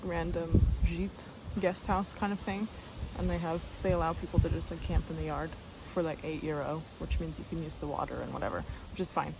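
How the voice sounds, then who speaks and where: A woman's voice: mid-range voice, gravelly, background noise. A young woman vlogging on a hiking trip in casual, wry chat that often trails off with laughs, filmed outdoors on a handheld camera. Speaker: hiker vlogger. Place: outdoors on a forest trail and campsite. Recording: outdoor ambience and birds, music under.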